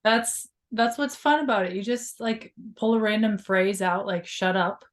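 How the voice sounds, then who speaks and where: Woman co-host, playful, laughs a lot, mid pitch. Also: normal speed. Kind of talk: casual chat.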